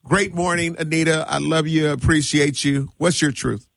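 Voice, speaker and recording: A man's voice: on the high side, fairly even intonation, normal speed, vocal fry, fairly bright tone, dry recording. A man hosting a talk radio call-in show, speaking emphatically.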